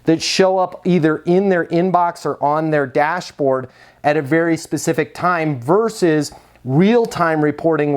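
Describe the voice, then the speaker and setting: A man giving a conversational sales coaching talk and pitch, asking rhetorical questions along the way. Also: a little mellow, clear, resonant tone. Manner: conversational, asks rhetorical questions, acts out quotes.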